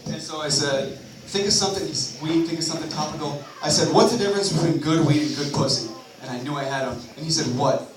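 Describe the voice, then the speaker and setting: Filmed from far back in an echoey bar, this young stand-up comedian talks quickly in a fairly high voice. His open-mic set wanders and swears freely, and he keeps making fun of himself along the way.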